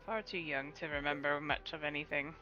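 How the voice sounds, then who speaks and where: A woman voicing a courteous middle-aged man who teases gently while reading game dialogue. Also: low-pitched, a little fast, muffled recording, soft background music. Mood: polite. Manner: courteous, lightly teasing.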